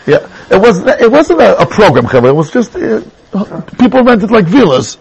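Casting: male Torah teacher, high pitch, husky, chatty, mixes in Hebrew terms. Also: very animated, moderate pace, lo-fi sound. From England. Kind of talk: classroom text lesson.

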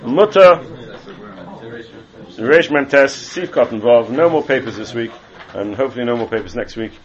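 A man's voice: mid-range voice, normal speed. A man teaches a class on Jewish law, explaining texts and repeating phrases as he goes. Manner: explains texts, switches between English and Hebrew terms, repeats phrases. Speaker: teacher leading a Torah class. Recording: dull lo-fi classroom recording.

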